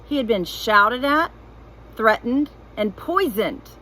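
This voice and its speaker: A woman reading a children's novel aloud in an expressive, animated storytelling voice. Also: on the high side, slow, rough recording. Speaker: reader.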